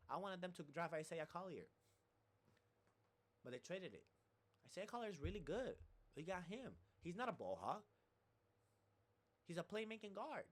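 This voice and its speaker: A man giving a casual, rambling sports rant as a streamer, repeating himself and swearing freely. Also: a little high.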